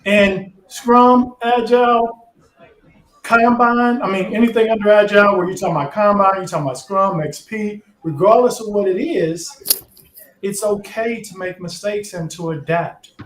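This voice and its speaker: A man's voice: sits high, normal speed. A man speaking earnestly and reflectively as a guest in a panel talk. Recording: roomy echo.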